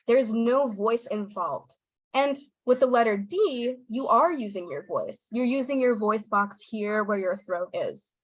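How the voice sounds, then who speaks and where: A woman presenting a pronunciation lesson online, explaining sounds clearly and acting out her students' replies. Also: fairly high pitch, fairly bright tone, no room sound, highs cut off. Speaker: teacher trainer. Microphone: video call.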